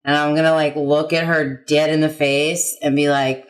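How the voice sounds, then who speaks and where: A player in a tabletop game who talks casually and haltingly, full of fillers. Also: medium pitch, flat delivery.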